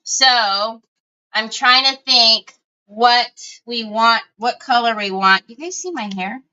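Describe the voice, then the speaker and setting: A woman's voice: fairly high pitch, slow, bright, forceful tone, clear, resonant tone, dull audio. A middle-aged woman, chatting casually with viewers while crafting on a livestream and telling stories. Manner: chatty storyteller, talks to viewers as y'all.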